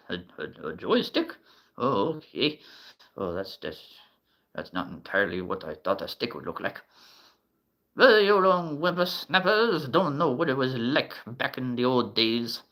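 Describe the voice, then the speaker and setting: A man voicing a cranky, doddering elderly grandpa in a slow, quavering, grumbling manner. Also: mid-range voice, very animated, a bit bright, rough recording. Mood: grumpy.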